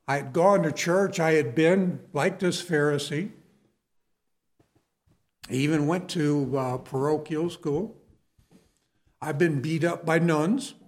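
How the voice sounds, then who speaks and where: A man's voice: a little high, takes it slowly, pauses often. A middle-aged man preaching a sermon, telling his own story in a conversational way and asking the listeners questions.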